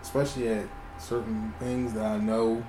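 A man's voice: fairly low pitch, little pitch movement, normal speed. A man chatting casually and emphatically, often repeating himself. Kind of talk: casual chat. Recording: roomy sound with faint music.

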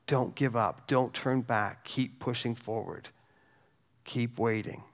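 Guy preaching a sermon, mid pitch, chatty, keeps asking the room questions. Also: fairly even intonation. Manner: conversational, asks the congregation questions; reads scripture slowly and softly.

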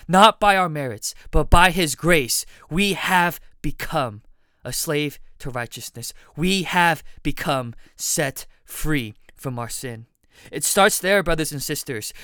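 A man's voice: fairly high pitch, bright, forceful tone, clean tone, no echo. A man preaching a sermon, earnest and direct, putting questions to his listeners.

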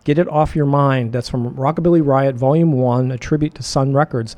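Mellow-voiced man, rambling radio DJ. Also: medium pitch, steady tone. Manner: rambling, self-correcting with many filler pauses. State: hiccuping. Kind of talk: casual radio show back-announcing.

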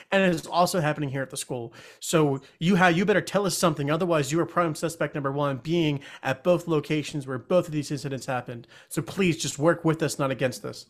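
A man at a tabletop game, speaking in character with an earnest, pleading push. His voice sits mid-pitched and plain. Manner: earnest, pleading, quick to laugh. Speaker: player.

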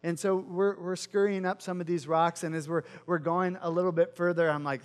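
High-voiced pastor telling a story in an echoey hall. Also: male voice, normal speed, few pauses. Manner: casual, self-mocking storytelling with many fillers. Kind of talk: sermon with personal story.

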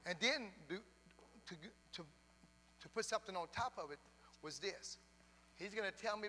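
A pastor preaches in a church. His voice sits high and bright. He tells folksy stories and keeps calling out to the congregation, and his words ring with the long reverb of the church hall. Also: normal speed, pauses often, a little hiss or hum. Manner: folksy storytelling with exhortations. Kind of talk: sermon.

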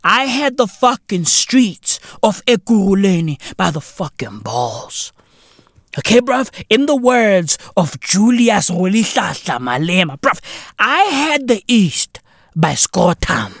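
A man's voice: high voice, slow, no echo, studio quality. A man hosting a podcast, delivering a profane, heavily slangy ranting monologue. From South Africa. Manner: profane, animated, heavy slang fillers. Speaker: podcast host.

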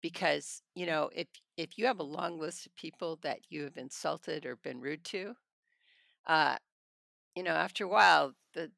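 A woman's voice: deep voice, normal speed, creaky, a bit bright, dry recording, studio quality. A middle-aged woman, a trial attorney, telling blunt stories in a casual podcast conversation and laughing often.

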